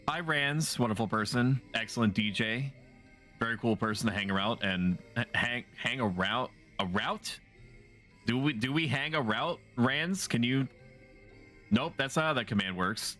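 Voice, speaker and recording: A man's voice: medium pitch, normal speed, pushed and bright, soft background music. A man livestreaming a video game, chatting casually with his viewers in a playful, rambling way and often poking fun at himself. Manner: playful, rambling, self-mocking jokes. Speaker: streamer. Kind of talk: casual gaming livestream chat.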